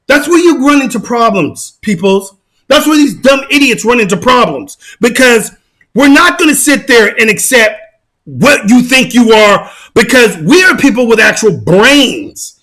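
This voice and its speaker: A man giving a mocking, emphatic rant as reaction commentary on his channel, often bursting into shouts. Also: extremely high pitch, very animated, unhurried. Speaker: channel host.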